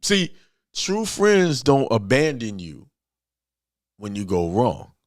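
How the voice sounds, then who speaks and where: Man, informal sermon, blunt and repetitive, very lively pitch. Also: slow pace, no room sound, clean studio sound. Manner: emphatic, repetitive, talks straight and blunt. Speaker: spiritual speaker.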